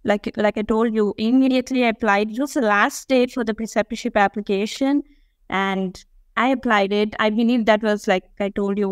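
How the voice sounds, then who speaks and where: A woman speaks as an interview guest, earnest and reflective, often leaning on small fillers. Her voice is fairly high and smooth. The recording is dry and close. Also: dry recording. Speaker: guest, dental school applicant. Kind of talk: conversational interview.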